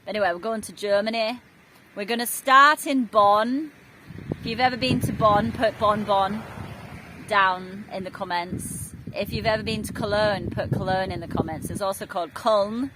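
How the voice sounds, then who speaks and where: A woman's voice: mid-range voice, fairly even intonation, normal speed. A woman, rambling chattily and mocking herself as she vlogs outdoors next to a main road. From England. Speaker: vlogger. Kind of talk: casual vlog talk to camera. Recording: loud road noise outdoors. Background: loud traffic noise.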